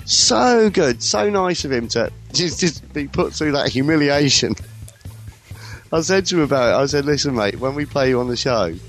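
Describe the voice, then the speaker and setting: A man hosting a radio show, telling a funny anecdote in lively, casual storytelling chat. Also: a little high, normal speed, soft background music. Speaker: radio host.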